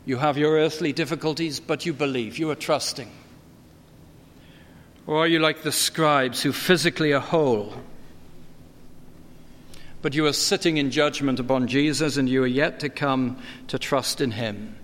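A middle-aged man preaching a sermon, earnest and expository, his pitch climbing when he presses a point. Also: normal speed, pauses often, fairly bright tone. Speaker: pastor. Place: church. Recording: long church reverb.

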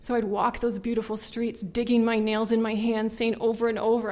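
A woman giving a personal testimony in an earnest, conversational way, with frequent "like" and a voice that drops hushed at painful points. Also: fairly high pitch, level tone, brisk. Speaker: speaker sharing her testimony.

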